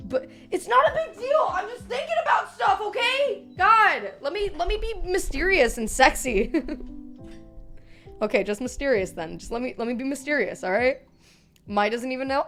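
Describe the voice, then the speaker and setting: A young woman streams from her desk mic, her higher voice swooping all over as she jokes and swears. She sounds a little worn from long streams. Faint music plays underneath. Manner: animated, swearing, laughing, playful. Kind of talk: casual live-stream chat.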